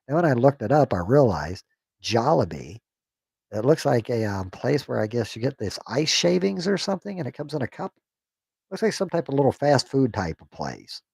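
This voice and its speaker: A man reading a text aloud on a stream, sounding out unfamiliar words haltingly and joking to himself. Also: medium pitch, very animated, gravelly, a little mellow, slightly rough, no room sound. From United States. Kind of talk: casual reading aloud on a livestream.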